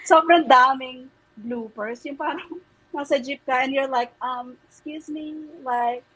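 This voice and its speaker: A husky woman in her fifties speaks with a mixed British and Australian accent. Her voice sits a little high, and she tells stories in a lively, chatty way as a podcast guest. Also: unhurried, rough recording. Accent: mixed British and Australian English. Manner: chatty, animated storyteller who laughs often. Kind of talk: casual chat, switching between English and Tagalog.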